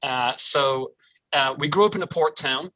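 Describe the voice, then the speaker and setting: Man, sixties, Welsh-Irish mixed accent, bright forceful voice, chatty storyteller, video call interview. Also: on the high side, measured pace, poor audio. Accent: mixed North Wales and Dublin Irish. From Wales. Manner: chatty, storytelling, self-deprecating humor. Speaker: guest.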